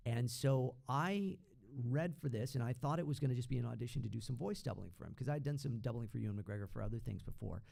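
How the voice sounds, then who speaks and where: A man's voice: medium pitch, fast talker, vocal fry, hardly any pauses, dark tone. A man, a voice actor guest on a podcast, chatting casually and slipping into impressions.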